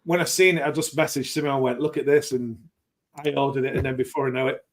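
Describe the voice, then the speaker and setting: A man chats as a guest on a live beer stream, easygoing and laughing along. He speaks at a middle pitch. His phrasing is halting and loose. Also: fairly even intonation. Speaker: guest home brewer. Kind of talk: casual chat.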